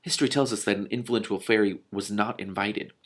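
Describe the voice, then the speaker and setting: A man's voice: on the low side, steady tone, fairly quick, natural voice. A man voicing a formal, earnest prime minister in a storybook reading.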